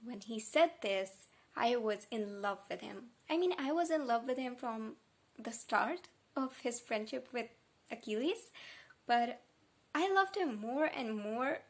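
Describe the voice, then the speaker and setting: A woman's voice: on the high side, expressive, measured pace. A young woman chatting emotionally in a reading vlog, gushing and close to tears. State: tearful. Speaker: book vlogger. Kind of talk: casual reading vlog chat.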